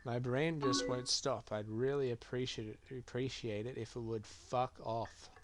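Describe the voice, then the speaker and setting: A man plays through a chat-based game and reads message options aloud in an unhurried, mumbling way. His voice sits at an ordinary pitch. Keyboard typing clicks are clearly audible under his talk. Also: steady tone, very noisy. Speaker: gaming streamer.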